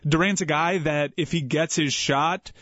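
A man's voice: a little high, steady tone, measured pace, a bit bright, dry recording, highs cut off. A man on a sports radio show breaking down a basketball matchup, analytical and prone to restarts. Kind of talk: casual sports talk.

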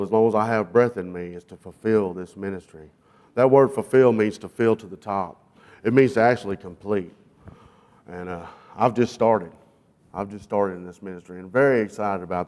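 A man's voice: on the low side, darkish tone. Folksy man telling a sermon testimony. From South Arkansas, US. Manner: folksy, self-deprecating, with frequent fillers. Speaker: guest speaker, jail minister. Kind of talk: sermon testimony with humorous storytelling. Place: church.

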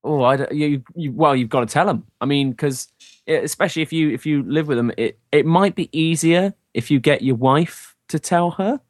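A man co-hosting a podcast in casual chat, jokey and playful, riffing on ideas with a quick wit. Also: fairly high pitch, no echo, studio quality. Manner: playful, jokey, goes off on riffs. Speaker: podcast co-host.

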